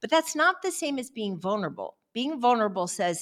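A woman's voice: fairly high pitch, big pitch swings, a little fast, hardly any pauses. An older woman talking as a guest author in a casual faith podcast chat, earnest and encouraging, often checking in with the listener.

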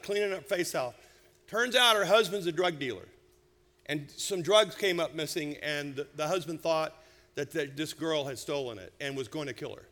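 A middle-aged man preaching a sermon, telling a humorous family story with lively, animated delivery. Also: sits high. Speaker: senior pastor. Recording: church hall reverb.

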